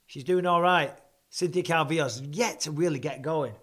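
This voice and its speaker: A man's voice: fairly high pitch, moderate pace, a bit bright. A middle-aged man, chatting casually and swearing freely as he hosts a live fight watch-along. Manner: chatty, swears casually, reads out viewer comments. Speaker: host and former fighter.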